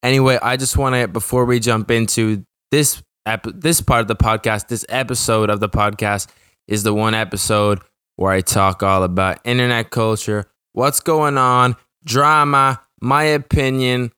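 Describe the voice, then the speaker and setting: A man's voice: mid-range voice, fairly even intonation, normal speed, pushed and bright, clean tone, no echo, studio quality. A young man hosting his own podcast, talking casually in a rambling, profane way and often restarting his sentences. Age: young adult. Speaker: podcast host.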